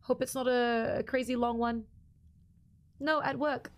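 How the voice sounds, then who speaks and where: A woman's voice: on the high side, fairly even intonation, unhurried. A young woman streaming a game live, chatting casually with viewers and greeting them by name while her voice is partly lost and slightly strained.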